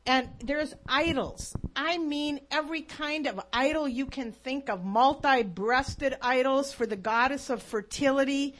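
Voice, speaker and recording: A woman's voice: high-pitched, unhurried, few pauses. A woman telling a faith story as a sermon, earnest and emphatic. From United States. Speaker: speaker.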